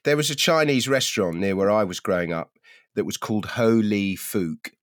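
A man's voice: fairly low pitch, moderate pace, dry recording. A man from Southeast London, a guest on a podcast, chatting casually with dry, wry quips. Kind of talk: casual comedy chat.

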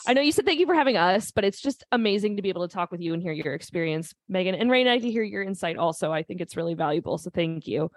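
A woman's voice: lowish voice, quick pace, few pauses, no room sound. A woman from Minnesota with a Minnesota accent, a podcast guest who laughs a lot and hesitates with many ums. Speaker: magazine guest. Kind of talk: casual chat.

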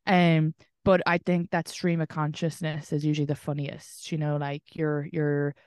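A woman's voice: low voice, little pitch movement, normal speed, darkish tone, clear, resonant tone, no echo, clean studio sound. A young Irish woman comedian chatting candidly in an interview, swearing casually. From Ireland. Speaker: comedian guest.

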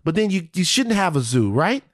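A man's voice: high-pitched, sing-song, fairly quick, no echo, studio quality. A man co-hosting a podcast in casual chat, talking loosely and drawing out his questions. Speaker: podcast co-host.

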